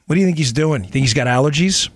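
On his political podcast, a middle-aged host speaks rapid-fire and expressively in a slightly high voice, close to the mic with no room sound. His commentary monologue is impassioned and emphatic, full of rhetorical questions.

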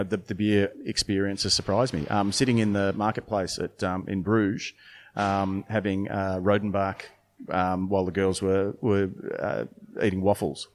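A man, a brewer and beer judge, chatting casually on a podcast with many restarts and fillers. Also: sits low.

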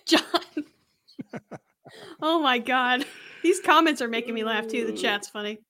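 A woman's voice: a little high, normal speed, bright, forceful tone. A woman co-hosting a podcast, amused as she reacts to comments. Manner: amused, laughing. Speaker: podcast co-host.

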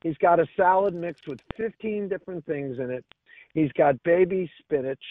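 A man's voice: fairly high pitch, moderate pace. A man calling in to a radio show about his farmers market, talking with enthusiasm. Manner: enthusiastic, talkative. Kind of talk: casual radio call-in chat. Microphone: telephone. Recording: tinny phone line.

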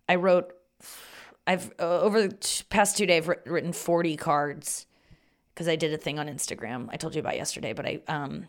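A woman hosting a podcast in a rambling, casual monologue, swearing freely and joking at her own expense. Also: deep voice. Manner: chatty, rambling, profane and self-mocking. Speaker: podcast host.

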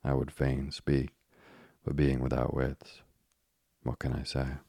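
A man's voice: a bass voice, completely flat delivery, takes it slowly, vocal fry, dark tone, breathy edge, dry recording, full character voice. A man reading an audiobook, voicing a timid, stifled male scarecrow who mumbles meekly. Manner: mumbling, meek.

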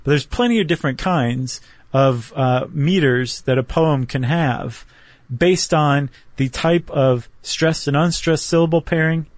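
A man's voice: on the high side, unhurried, no room sound. A man co-hosting a podcast, explaining step by step in a casual, joking way with frequent restarts. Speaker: podcast co-host. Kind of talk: casual educational chat.

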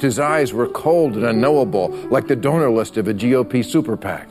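Over music, a late-night host with a mid-range voice fires off a punchy comic monologue at a brisk clip with few pauses, laughing at his own jokes. He's in a TV studio before a live audience, and the studio crowd and room noise come through.

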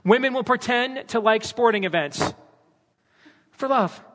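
A man preaching a sermon at his church, animated and dramatizing scripture with character voices. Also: very high-pitched, measured pace. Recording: long hall reverb.

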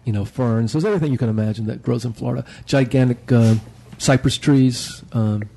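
A man chatting as a guest on a podcast roundtable, telling a relaxed, rambling story about a day out. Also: medium pitch, brisk, creaky, a little hiss or hum. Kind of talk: casual roundtable chat.

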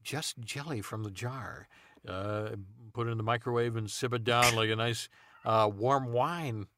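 A man improvising absurd comedy in a rambling, deadpan way, full of ums and uhs. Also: mid-range voice, a little slow.

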